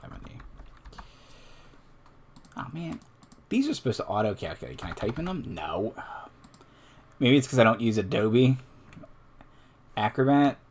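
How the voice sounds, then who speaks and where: A man's voice: mid-range voice, sing-song, measured pace, long pauses, slight background noise. A man streaming a solo tabletop game, casually thinking aloud and reading numbers off a character sheet, with asides to his chat.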